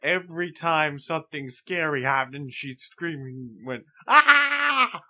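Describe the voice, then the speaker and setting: A man's voice: a little high, measured pace, bright, forceful tone. A young man co-hosting a podcast in casual chat, venting with curses. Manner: venting, profane. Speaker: podcast co-host.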